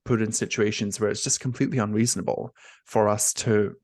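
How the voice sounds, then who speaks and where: A man's voice: fairly low pitch, brisk, dry recording, studio quality. A young man talking openly and emotionally as an interview guest, with a constant stream of "like" and "you know". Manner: emotional, expressive, heavy use of "like". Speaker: nurse coach, interview guest. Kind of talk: candid conversational interview.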